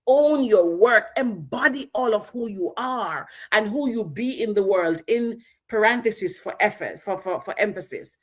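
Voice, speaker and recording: A woman's voice: medium pitch, expressive, unhurried, few pauses, low-quality recording. A woman from Jamaica, giving an emphatic, punchy motivational talk on a livestream. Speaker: speaker.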